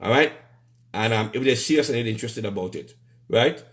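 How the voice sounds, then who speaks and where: A man's voice: on the low side, lively intonation, a little fast, fairly bright tone. A man with a Trinidadian accent ranting on a live stream, heated and repetitive, stumbling over restarts and cursing. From Trinidad and Tobago. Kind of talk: angry live-stream rant.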